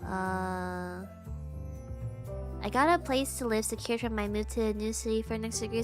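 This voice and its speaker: A woman streamer chatting casually to her viewers, rambling with lots of filler words and restarts and swinging between giggly highs and low mumbles. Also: moderate pace, over music. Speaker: VTuber streamer.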